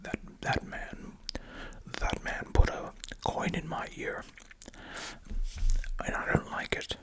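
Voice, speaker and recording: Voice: slow pace, natural voice. An ASMR whisperer voicing a bitter, whiny person who was fooled by a coin trick, in a put-on odd accent, as whispered role-play. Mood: aggrieved.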